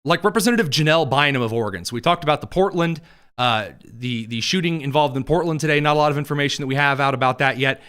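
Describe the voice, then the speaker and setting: A man's voice: on the high side, fast, clear, resonant tone. A man hosting a political commentary show, mocking and sarcastic as he reacts to clips. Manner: sarcastic and mocking, lively delivery.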